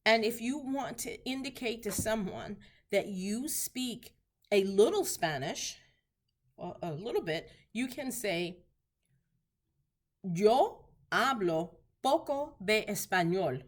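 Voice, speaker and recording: A woman teaching basic Spanish phrases, repeating each one slowly for learners to practice. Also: fairly high pitch, lively intonation. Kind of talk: slow instructional lesson.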